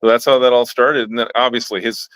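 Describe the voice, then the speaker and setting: A man's voice: medium pitch, little pitch movement, fast, fairly bright tone, no room sound, low-quality recording. A man who is a musician guest on a podcast, chatting casually in a rambling way full of "like" and "you know". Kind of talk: casual interview chat.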